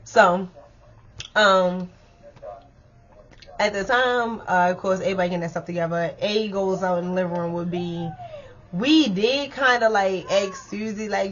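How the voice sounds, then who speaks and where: A woman telling a story to her viewers in a casual, animated way, with lots of swearing. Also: mid-range voice, a little slow, pauses often. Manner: animated, profane, talks straight to viewers. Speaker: storytime vlogger. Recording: dull lo-fi sound.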